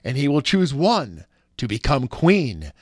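A man's voice: medium pitch, huge pitch swings, measured pace, a little mellow, dry recording, studio quality. A man reading a storybook aloud, voicing a royal messenger making a formal proclamation. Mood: proclaiming.

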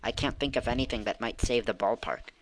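Man voicing a calm kindly grandfather. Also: mid-range voice, a little fast, background noise, close to an everyday voice.

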